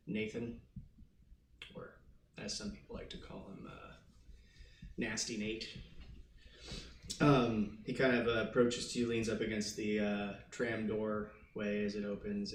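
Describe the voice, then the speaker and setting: A man's voice: lowish voice, little pitch movement, measured pace, long pauses. A man narrating a tabletop game as game master, loose and chatty with many fillers. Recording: roomy, distant mic, faint noise.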